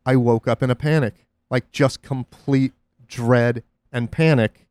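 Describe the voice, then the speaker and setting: A man's voice: medium pitch, fairly even intonation, a little slow, a little mellow, dry recording. A man hosting a podcast, talking in a candid, rambling way with many restarts. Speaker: podcast host. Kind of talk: casual chat.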